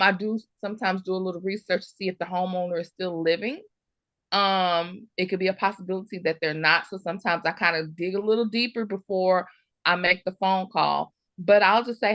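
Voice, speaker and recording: A woman, teaching surplus funds recovery on a video call, telling stories in a lively, chatty way with folksy comparisons. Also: medium pitch, no room sound. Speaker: host, surplus funds mentor. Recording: dull lo-fi video call audio.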